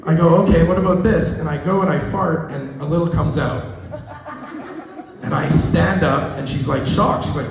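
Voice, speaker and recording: A man in his thirties doing a stand-up comedy set in a small room, talking in a halting, self-deprecating way with many restarts. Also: on the high side, vocal fry, slight background noise. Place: small room with a live audience. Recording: echoey room recording. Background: audience laughter.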